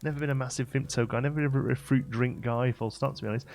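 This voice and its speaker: A man's voice: mid-range voice, steady tone, quick pace, creaky, a little mellow. Chatty man streaming a game. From England. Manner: rambling, chatty, answers chat aloud. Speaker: livestream host. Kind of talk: casual gaming livestream chat.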